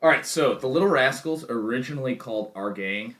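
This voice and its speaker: A man's voice: medium pitch, lively intonation, brisk, fairly bright tone. A young man co-hosting a podcast in casual, joking chat with crude humor. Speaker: podcast co-host.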